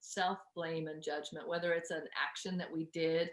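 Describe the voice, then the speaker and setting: A woman hosts a relaxed conversation, eagerly affirming what she hears. Her voice sits a little low, and the sound carries a noticeable room echo. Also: moderate pace. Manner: warm, affirming, enthusiastic. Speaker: podcast host. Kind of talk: casual conversation.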